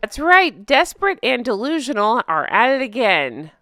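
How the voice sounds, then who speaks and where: A woman's voice: a little high, big pitch swings, moderate pace, bright, forceful tone, dry recording, clean studio sound. A young adult woman hosting a casual chat show, chatty and sarcastic, laughing often. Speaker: host.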